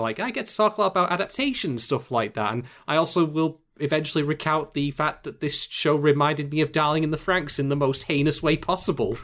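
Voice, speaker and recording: A man co-hosting a podcast, rambling and self-mocking, a bit tipsy and animated. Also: on the high side. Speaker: podcast co-host. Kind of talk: casual podcast chat.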